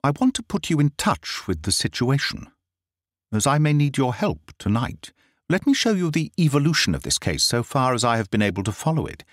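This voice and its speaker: A brisk Victorian detective, put on by a man reading aloud, crisp, assured and a touch lofty in a storybook telling. The voice sits noticeably higher than the reader's own and moves about a great deal in pitch. It is recorded close and dry. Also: sing-song, dry recording. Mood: explaining.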